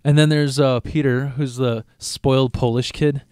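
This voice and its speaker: A man in his thirties rambles through a casual podcast chat, swearing freely and restarting his sentences. His voice sits at a middle pitch. The recording is dry and close, with no room sound. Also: fairly even intonation, normal speed, a little mellow, clean tone, dry recording. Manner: rambling, profane, frequent restarts. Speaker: podcast co-host, a father.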